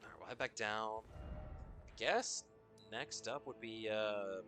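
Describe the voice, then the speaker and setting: A man's voice: fairly low pitch, a little slow, a bit bright, soft background music. A man streaming a video game, chatting loosely and swearing, tired and yawning. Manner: loose, profane, rambling. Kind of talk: casual gaming stream chat.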